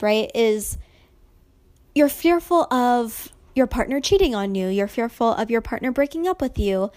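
A young woman in her twenties speaking softly and emotionally in a personal reflective vlog, at times dropping to a whisper. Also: on the high side. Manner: slow, soft-spoken and emotional, drops to whispers at times.

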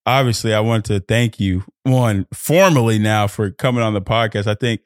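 A man's voice: lowish voice, fairly even intonation, moderate pace, no room sound, studio quality. A man hosting a podcast, talking from a hotel room in a playful, rambling way, correcting himself as he goes. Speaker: podcast host. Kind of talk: casual podcast intro.

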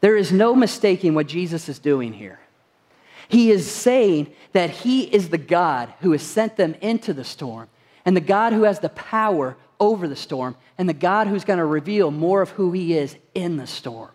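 Pastor, male, high tenor, earnest sermon delivery, echoing church hall. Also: expressive, moderate pace, a little mellow. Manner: earnest, rhetorical questions to the congregation. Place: church sanctuary.

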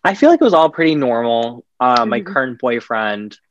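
A young man co-hosting a podcast in casual chat, expressive and dramatic as he tells stories. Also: a little hiss or hum. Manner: expressive, dramatic storytelling, quick swings into high voices. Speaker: podcast co-host. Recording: dull lo-fi dry sound.

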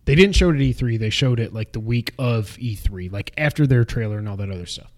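A man's voice: medium pitch, animated, fairly quick. A man co-hosting a casual gaming podcast, joking and rambling as he talks. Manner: jokey, rambling, laughs at himself. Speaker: podcast co-host.

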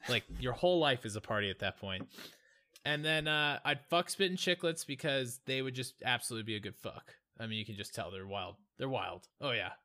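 Podcast host guy, bright voice, jokey and swears a lot, just chatting. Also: medium pitch, lively intonation, brisk. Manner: profane, jokey banter. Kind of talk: casual podcast chat.

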